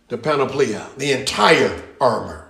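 A man's voice: mid-range voice, expressive, unhurried, creaky, a bit bright. A man preaching a sermon as pastor, building emphasis and repeating key phrases. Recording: echoey room.

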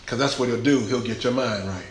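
A man's voice: mid-range voice, fairly quick. A male pastor preaching a sermon, emphatic and colloquial, with lots of repetition. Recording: very echoey hall, faint noise.

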